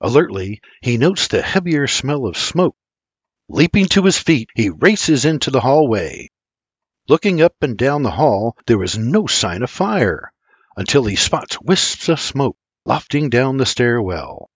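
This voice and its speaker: A man's voice: medium pitch, big pitch swings, unhurried, breathy edge, dry recording. An older man reading an audiobook with intense, dramatic storytelling. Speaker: audiobook narrator. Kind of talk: scripted dramatic audiobook narration.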